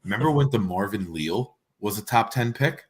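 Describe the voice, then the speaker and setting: A man with a fairly low voice hosts a casual sports chat. He tells his stories in an animated way, swearing freely as he goes. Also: moderate pace. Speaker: host.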